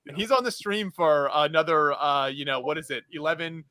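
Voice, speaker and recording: A man's voice: a little high, a little fast, crowd noise. A man hosting a charity livestream, upbeat and chatty as he reads out donors and incentives. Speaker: livestream host. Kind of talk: casual livestream chat.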